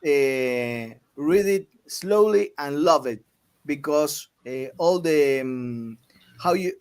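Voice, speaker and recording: Slow, halting man interviewing. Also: medium pitch, clear, resonant tone. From Argentina. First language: Spanish. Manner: halting, many fillers and restarts. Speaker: interviewer, host.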